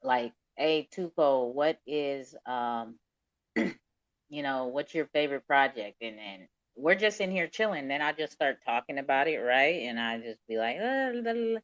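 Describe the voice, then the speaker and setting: A man's voice: medium pitch, measured pace, a bit bright, no echo. A man hosting a casual live audio chat, laid-back and profane, laughing often. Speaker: host. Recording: dull lo-fi call audio.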